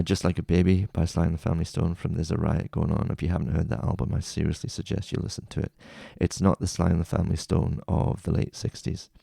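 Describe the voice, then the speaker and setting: A man's voice: sits low, creaky, dark tone, no echo, clean studio sound. A man chatting casually about music, rambling and correcting himself as he goes. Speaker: music playlist host.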